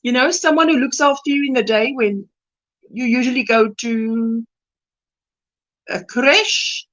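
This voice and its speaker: A woman's voice: on the high side, unhurried, fairly bright tone, muffled recording. A South African woman hosting a crochet livestream, chatting casually and reading out and greeting viewers' comments by name.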